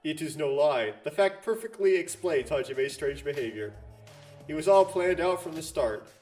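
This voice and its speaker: A man voicing a composed, formal male schemer, calm and assured in every line. His voice sits slightly high, with faint game music in the background. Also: moderate pace, lightly acted.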